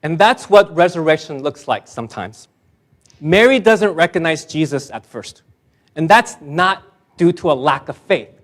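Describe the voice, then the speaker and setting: Pastor, man, slightly high voice; warm self-mocking stories, emphatic at the close. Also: expressive, moderate pace. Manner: personal, self-deprecating humor, builds to emphatic close. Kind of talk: sermon.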